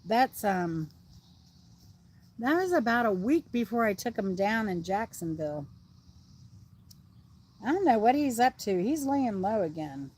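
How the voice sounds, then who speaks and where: A woman's voice: medium pitch, big pitch swings, a little slow, pauses often, darkish tone, slight background noise. Chatty folksy Southern American woman. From Southern United States. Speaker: livestream host. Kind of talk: casual livestream chat.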